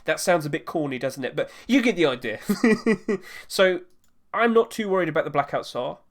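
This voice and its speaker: A man's voice: fairly high pitch, lively intonation, normal speed. A man talking casually on his own about market prices, rambling a little and correcting himself as he goes. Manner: rambling, self-correcting, chatty. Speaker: gaming market commentator. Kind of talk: casual solo commentary.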